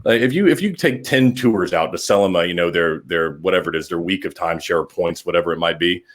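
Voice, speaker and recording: A man hosting a podcast, telling a rambling story with lively acted-out quotes. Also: low-pitched, quick pace. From Orlando area. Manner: rambling, animated, acts out quotes. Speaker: podcast host. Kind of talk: casual storytelling.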